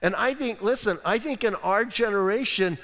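A pastor preaching a conversational sermon, often saying "listen" and dropping in joking asides. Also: male voice, high voice, normal speed, a bit bright, long reverb tail. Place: church sanctuary.

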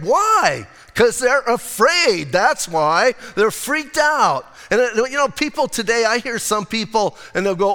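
A male pastor preaching a lively, conversational sermon and acting out quotes as he goes. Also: sits high, moderate pace, few pauses, in a large hall.

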